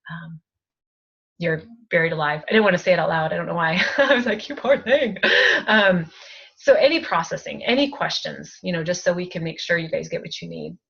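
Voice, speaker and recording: A woman spiritual advisor leading a group energy-healing session over a video call, speaking softly with emotional, halting phrasing and many fillers. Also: fairly low pitch, lively intonation, creaky, slightly rough, dull audio.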